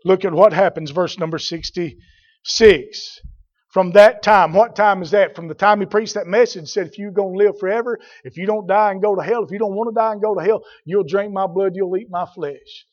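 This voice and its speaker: A man with a fairly high voice preaches in a drawl. He swings from low, plain talk to loud, shouted fervor, using folksy turns of phrase. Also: normal speed, muffled recording. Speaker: pastor. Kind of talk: sermon.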